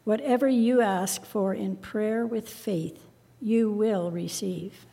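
A woman reading a scripture passage aloud in a measured, careful way during a service. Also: medium pitch, vocal fry, dark tone, breathy edge, big-room sound. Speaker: scripture reader.

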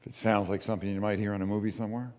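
A man preaching a sermon as pastor, moving between quiet asides and emphatic, slowed readings of scripture. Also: on the low side, level tone, long reverb tail.

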